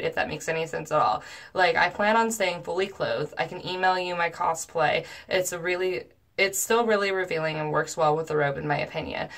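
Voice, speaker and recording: A woman's voice: fairly low pitch, fairly bright tone. A young adult woman in a casual storytime vlog, talking in a chatty way with lots of fillers and reading messages aloud. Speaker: cosplayer recounting messages.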